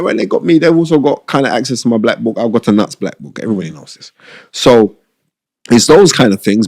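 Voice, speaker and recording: A middle-aged man, telling stories as an interview guest in an animated, emphatic way and repeating phrases for stress. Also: medium pitch, vocal fry, no room sound, clean studio sound. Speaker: guest, boxing pundit and former TV host. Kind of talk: casual interview storytelling.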